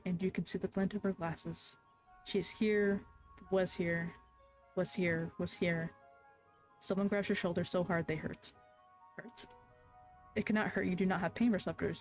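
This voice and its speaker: A streamer reading a story game's narration aloud in a measured, even way, with small self-corrections. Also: medium pitch.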